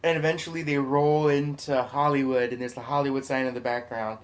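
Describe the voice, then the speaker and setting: A man co-hosting a casual podcast, retelling a movie plot with a lively, amused manner. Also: mid-range voice, brisk. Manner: laughs easily, animated storytelling. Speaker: podcast co-host. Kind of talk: casual chat recapping a movie.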